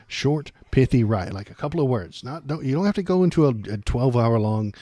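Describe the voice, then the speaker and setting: A man's voice: medium pitch, lively intonation, a little fast, few pauses, warm tone, no echo. A man hosting a political livestream, ranting sarcastically and rambling as he reacts to chat.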